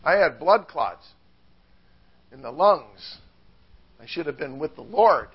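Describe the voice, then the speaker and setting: An older male preacher giving a sermon, lively and chuckling at his own stories. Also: fairly high pitch, takes it slowly, breathy edge, muffled recording. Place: church.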